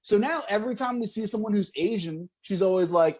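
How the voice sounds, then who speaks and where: A man's voice: high voice, fairly quick, a little mellow. A young man doing a stand-up comedy set, talking to the crowd and laughing between jokes.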